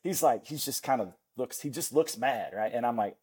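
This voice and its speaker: A middle-aged man, a former pro football lineman, guesting on a podcast and telling rambling, animated anecdotes with acted-out dialogue. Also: medium pitch, quick pace, few pauses, slightly rough. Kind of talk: casual storytelling chat.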